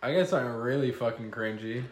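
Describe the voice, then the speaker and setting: A mid-pitched man talks in casual podcast banter, blunt and full of swearing. His voice rings with a roomy echo. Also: fast talker. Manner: blunt and profane, squeamish. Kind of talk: casual chat.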